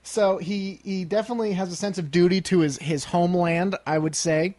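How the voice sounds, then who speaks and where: A young man co-hosting a podcast, chatting casually and playfully, cracking jokes and clearing his throat now and then. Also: sits high, steady tone, brisk, darkish tone, no echo. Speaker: podcast co-host.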